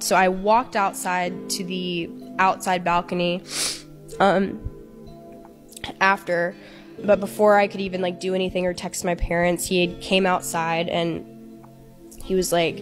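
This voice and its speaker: A woman giving an emotional, halting personal account in an interview, acting out quoted lines as she tells it. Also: fairly low pitch, flat delivery, soft background music.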